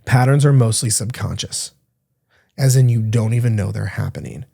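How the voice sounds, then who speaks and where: A man's voice: fairly low pitch, normal speed, creaky, dark tone. A man hosting a podcast as a diet coach, giving a blunt, emphatic monologue and swearing freely.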